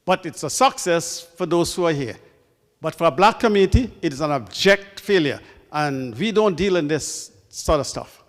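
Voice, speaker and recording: A man's voice: a little high, moderate pace. Emphatic man speaking in a reverberant hall. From Canada. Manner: emphatic, rhetorical questions, lively preacher-like delivery. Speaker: guest speaker. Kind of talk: presentation at a community meeting. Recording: long reverb of a meeting hall.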